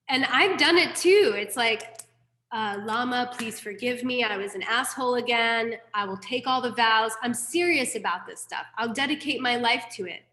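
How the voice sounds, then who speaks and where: A woman with a slightly high, somewhat bright voice teaches a dharma class in a roomy-sounding space. Her lecture is frank and candid, sprinkled with mild profanity and self-deprecating asides.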